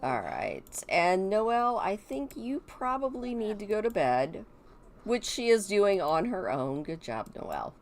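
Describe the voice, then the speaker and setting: A woman's voice: medium pitch, big pitch swings, a little slow, slight background noise. A middle-aged woman with a Midwestern American accent, chatting casually as she comments on a game and talks to her viewers. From Michigan, USA. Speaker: gaming video creator.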